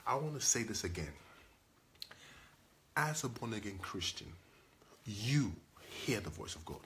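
A man delivers a sermon in a low, deep register. He preaches with insistent repetition and rhetorical questions to his congregation. A faint ambient noise sits under his voice. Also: sing-song, measured pace, fairly bright tone. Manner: emphatic, repetitive preaching with call-and-response questions. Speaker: pastor.

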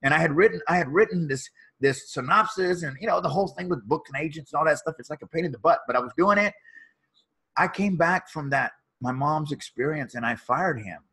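A man's voice: a little high, expressive, brisk, sharp tone, slightly rough. A man, a motivational speaker and author, earnestly telling a personal story as a guest in an interview.

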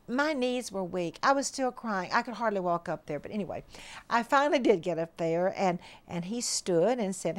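An older woman telling a personal story with excitement, acting out the people in it and imitating her own tearful stammering. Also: mid-range voice, a little fast. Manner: tearful, excited retelling with lively voice impressions. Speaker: interviewee recalling a memory.

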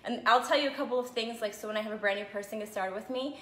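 A woman's voice: fairly high pitch, fast, fairly bright tone. Woman, casual phone live video, slightly winded, chatty with constant check-ins, echoey room. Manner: chatty, keeps checking in with "okay?" and "right?". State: a little out of breath after a run. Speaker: essential oil seller. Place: her home.

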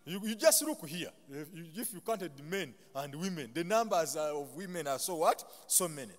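A high-voiced Ugandan pastor delivers a sermon, pausing mid-sentence with a questioning "what?" so the congregation can fill in the word. He mixes humorous, self-deprecating asides into his preaching. A long chapel reverb trails his voice. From Buganda, Uganda. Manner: call-and-response, leaves sentences open for the congregation to finish.

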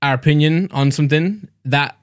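A man's voice: a little high, no room sound, clean studio sound. A young man hosting a podcast, telling stories in casual chat with frequent laughs and restarts. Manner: fast, laughing storyteller with many restarts. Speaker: podcast host.

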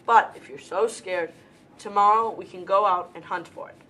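A woman's voice: mid-range voice, normal speed, bright, forceful tone, far from the mic, poor audio. A young woman playing a bossy boy hunter who leads the others, in an amateur school drama reading. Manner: commanding, boastful.

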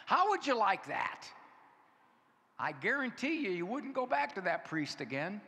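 A man's voice: sits high, measured pace. A man in his fifties giving a humorous talk to an audience, telling stories and acting out the dialogue. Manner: animated storytelling, acting out dialogue. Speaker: conference speaker. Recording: echoey hall with faint noise.

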